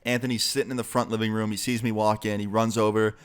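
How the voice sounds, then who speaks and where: A man's voice: lowish voice, little pitch movement, fast, smooth. A young man casually telling a personal story on his channel, full of slang and swearing. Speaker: YouTuber. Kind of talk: storytime vlog.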